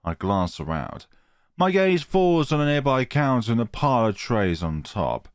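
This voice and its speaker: A man's voice: medium pitch, big pitch swings, normal speed, no echo, clean studio sound. A man reading a horror visual novel aloud as a let's player, playful, often tripping over words and correcting himself.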